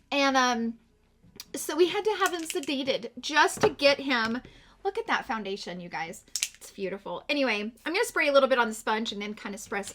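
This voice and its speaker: A middle-aged beauty vlogger, her voice a little high and somewhat bright, does her makeup while having a heartfelt, casual get-ready-with-me chat with viewers. She's tearful after spending the morning crying.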